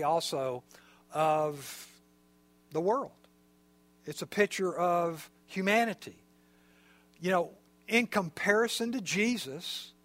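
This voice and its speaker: A man's voice: a little high, fairly bright tone. A man preaching a sermon in a conversational, explanatory way, with frequent fillers. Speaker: pastor.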